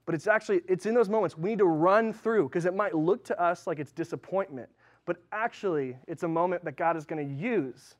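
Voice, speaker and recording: A man's voice: high voice, a little fast. A male pastor giving a casual, conversational sermon, full of ums and likes. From Southern California. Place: church.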